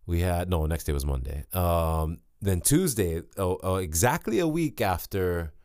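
A man's voice: deep voice, expressive, a little slow, a little mellow, dry recording, studio quality. A young man hosting a podcast, rambling and joking with lots of swearing, tired and giddy. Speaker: podcast host. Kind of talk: casual solo podcast chat.

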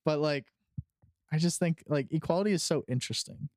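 A man's voice: a little high, brisk, darkish tone, dry recording. Laid-back man in dry-sounding casual chat. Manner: laid-back, offhand, stammering restarts. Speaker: podcast co-host.

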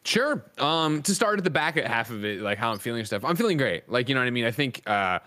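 A man talking as a podcast guest, joking loudly at first and then chatting openly about how he is doing. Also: medium pitch, quick pace. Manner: loud, animated, jokey rants. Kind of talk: casual podcast chat. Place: San Francisco, California.

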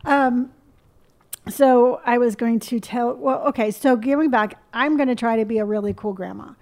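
Young woman, playful co-host, higher-pitched and giggly. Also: normal speed, darkish tone. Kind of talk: casual chat.

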